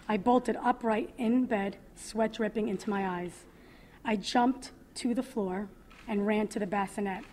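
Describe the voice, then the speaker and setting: A woman in her thirties reads her own testimony aloud as a mother at a public event, speaking earnestly and with feeling, often pausing. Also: mid-range voice, fairly even intonation, a little mellow, slight background noise. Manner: emotional, earnest, with pauses. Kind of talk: reading a personal testimony aloud.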